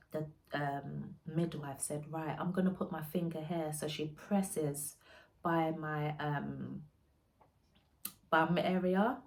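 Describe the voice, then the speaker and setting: Young woman, low-ish voice, quiet halting storytelling, lots of breathy pauses. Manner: soft, halting, often hushed and breathy. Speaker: vlogger telling her birth story. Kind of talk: emotional personal storytelling.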